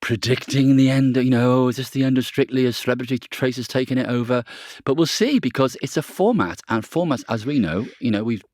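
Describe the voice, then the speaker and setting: Older scouse guy cohosting a tv podcast, talks fast, chatty. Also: mid-range voice, a little mellow, dry recording, clean studio sound. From Liverpool. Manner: quick, chatty interjections. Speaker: co-host. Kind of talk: casual podcast chat.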